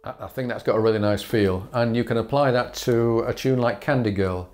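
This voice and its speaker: Man, fiddle teacher, mid-pitched voice, unhurried instructional talk, faint music behind. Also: a little mellow. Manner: thinking aloud with frequent ums, sings bowing rhythms as syllables.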